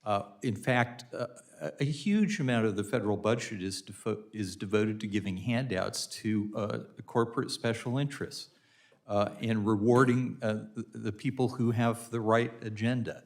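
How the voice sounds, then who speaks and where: Witness guy answering questions, lowish voice, lots of uhs. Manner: many uh fillers, measured. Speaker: hearing witness.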